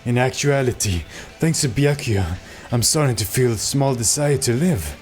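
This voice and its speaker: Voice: mid-range voice, animated, normal speed, a little mellow, faint music behind, close to an everyday voice. Streamer reading a creepy, polite young man. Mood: eerie calm. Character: creepy, calm young man obsessed with hope. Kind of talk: reading game dialogue aloud.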